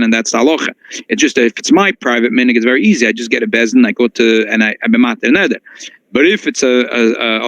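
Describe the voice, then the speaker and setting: Gravelly, animated rabbi teaching a lesson. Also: male voice, no echo. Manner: animated, jumps high in pitch for emphasis, frequent restarts. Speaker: rabbi teaching a halacha class. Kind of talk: text-based Torah lesson, reading and explaining. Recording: dull lo-fi dry recording.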